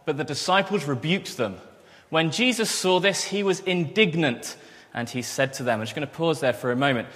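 A man's voice: medium pitch, fairly bright tone. A man giving a sermon, earnest, with fillers and restarts. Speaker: preacher. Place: church hall. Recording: reverberant hall.

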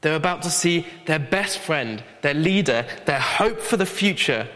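A man's voice: fairly high pitch, lively intonation, normal speed, pushed and bright. A young man preaching a sermon in an earnest, conversational way with light humor. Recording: long hall reverb.

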